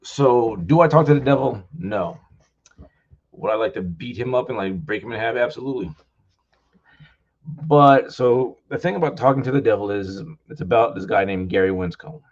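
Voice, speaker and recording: A man, an author at a live festival talk, retelling his book in a rambling, excitable way full of "like.". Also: medium pitch, normal speed, lo-fi sound. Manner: rambling, loaded with "like"; excitable, thanks the crowd warmly.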